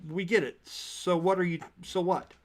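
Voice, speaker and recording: A man's voice: high voice, steady tone, moderate pace, a little hiss or hum, natural voice. Brief: man playing a dry, eye-rolling young woman who is passionate about acting. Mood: sarcastic. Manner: dry and sarcastic. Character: sarcastic cool young woman actress, daughter.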